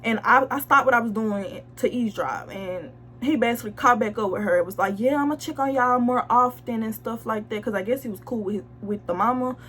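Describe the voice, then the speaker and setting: A young woman blunt, slangy and animated as she tells viewers a personal story in a casual storytime vlog. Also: on the high side, a little fast, hardly any pauses. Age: young adult. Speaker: vlogger telling a story.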